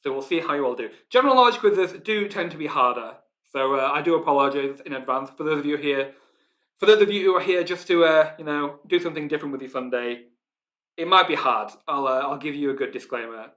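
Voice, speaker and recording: A man's voice: a little high, quick pace, a bit bright. A man with a Yorkshire accent hosting a live online pub quiz, chatty, reading out team names and laughing often. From Yorkshire, England. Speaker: quiz host.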